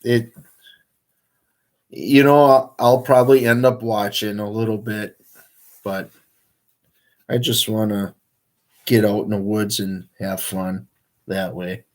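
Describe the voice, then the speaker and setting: A man hosts a relaxed livestream, chatting with viewers in a rambling, easygoing way. His voice sits a little low, and he takes his time, drawing out his words and leaning on plenty of fillers. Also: takes it slowly, pauses often. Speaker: outdoors livestream host. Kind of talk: casual livestream chat.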